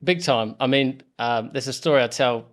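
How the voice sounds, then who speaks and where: A man's voice: medium pitch, moderate pace. A man, talking through his story as a guest on a podcast interview. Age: 30s. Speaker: property investor guest.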